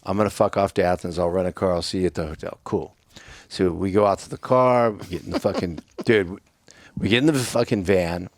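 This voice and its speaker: A man's voice: low-pitched, brisk, no room sound. A middle-aged man, a podcast guest, telling a profane story with lots of swearing and acted-out dialogue. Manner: animated, swearing, acts out dialogue.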